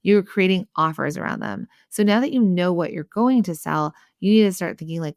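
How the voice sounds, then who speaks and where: Gravelly-voiced woman podcast host. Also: on the low side, fairly quick, darkish tone, no echo, studio quality. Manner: chatty, peppered with "like" and "right?"; acts out customer and waiter voices. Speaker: podcast host and business coach. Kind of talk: solo podcast coaching talk.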